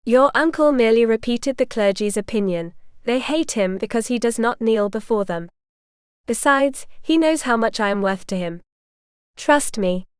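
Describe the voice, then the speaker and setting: A woman's voice: on the high side, expressive, moderate pace, clean tone, no echo, clean studio sound, lightly acted. A woman voicing a stern, devoted young medieval nobleman, in a firm, reassuring way.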